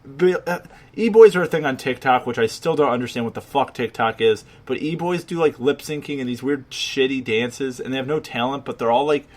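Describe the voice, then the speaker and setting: A man's voice: medium pitch, a little fast. Rambling young-sounding podcast man. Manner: rambling, heavy on filler words, profane. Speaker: podcast co-host. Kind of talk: casual chat.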